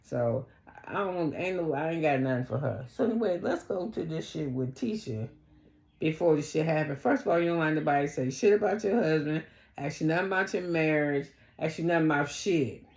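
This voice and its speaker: Woman, lowish voice, blunt and profane recap vlogger, slips into high voices for quotes; roomy echo. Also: animated, a little fast, creaky, darkish tone. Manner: blunt, profane, talks back to the cast; acts out quotes in a much higher voice. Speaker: reality show recap vlogger. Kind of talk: casual recap storytelling.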